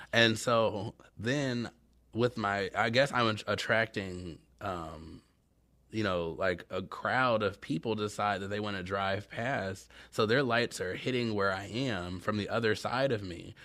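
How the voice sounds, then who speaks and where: On his solo podcast, a man with a fairly low, somewhat bright voice rambles casually and tells frank stories that poke fun at himself.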